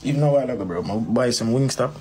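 A man's voice: medium pitch, lively intonation, quick pace, a little mellow, slight background noise. A man with a Jamaican accent telling a personal story in a rambling, casual way, repeating phrases and calling the listener "bro". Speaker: dancehall artist.

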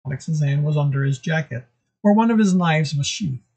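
A man's voice: fairly high pitch, lively intonation, moderate pace, a little mellow, husky, rough recording. Hese man die zijn eigen boek voorleest. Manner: casual, occasional stumbles. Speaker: author reading his own book. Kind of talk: audiobook chapter reading.

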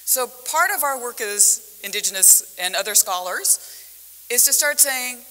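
A woman scholar giving a conference talk as a panelist, telling stories in an animated way. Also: fairly high pitch, unhurried. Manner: animated storytelling with vivid metaphors. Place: conference hall. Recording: echoey conference hall.

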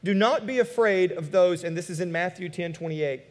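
Male pastor, high voice, animated sermon delivery with rhetorical questions, long church reverb. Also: moderate pace. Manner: animated, rhetorical questions, shifts between loud emphasis and quiet asides. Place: church sanctuary.

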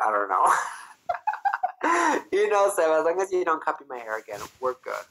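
A young man from Canada chats on his livestream and reads out viewers' comments. His voice is bright and forceful, and his pitch swings all over. He sounds bubbly and effusive. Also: very animated, moderate pace, pauses often, a little hiss or hum, low-quality recording. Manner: bubbly and effusive, bursts into squeals. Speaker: livestream host. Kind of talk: casual livestream chat, reading comments aloud.

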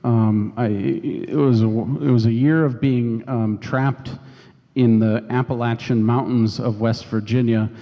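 A man's voice: mid-range voice, steady tone, a little slow, muffled recording. A man preaching a sermon as pastor, telling a personal story in a conversational way. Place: church sanctuary. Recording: long church reverb.

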